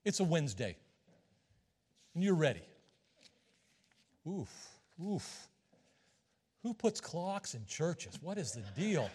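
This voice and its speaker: A high-pitched middle-aged man preaching in a church sanctuary, his voice trailing off into a long hall reverb. He keeps things folksy and conversational, teasing the congregation between points. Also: big pitch swings, a little slow, long pauses, a little mellow, breathy edge. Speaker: visiting missionary preacher. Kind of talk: sermon.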